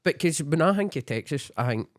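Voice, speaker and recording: A man's voice: fairly high pitch, lively intonation, fairly quick, dry recording. Scottish man, podcast co-host, casual chat, brief questions, dry sound. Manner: short prompts, many "aye"s.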